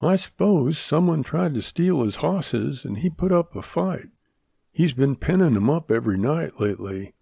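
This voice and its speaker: A man voicing a mild, slow-spoken cowboy in a western audiobook, with a higher, easy drawl. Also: animated, creaky, dark tone, husky, no echo, heavily acted. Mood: calm.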